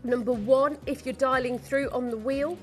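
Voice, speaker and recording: Woman, live shopping channel presenter, gushing, high voice, faint music. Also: normal speed. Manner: excitable, gushing. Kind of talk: live selling pitch. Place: TV studio.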